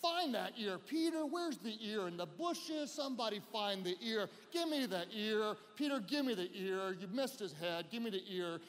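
A preacher voicing an exasperated teacher figure. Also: male voice, high-pitched, expressive, normal speed, hardly any pauses, a bit bright. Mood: annoyed. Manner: insistent, repetitive. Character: exasperated male teacher demanding a lost ear. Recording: long hall reverb.

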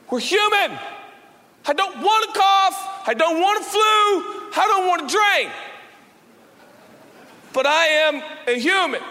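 Male pastor, lively sermon with shouted peaks and soft asides; bright voice echoing in a big church hall. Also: very high-pitched. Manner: animated, swings from shouting to quiet, playful asides. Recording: long hall reverb, faint background noise.

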